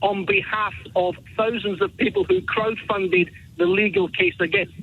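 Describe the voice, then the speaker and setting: A man's voice: high-pitched, fairly even intonation, normal speed, husky. A male caller on a radio phone-in, formally polite but indignant and emphatic. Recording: tinny phone line.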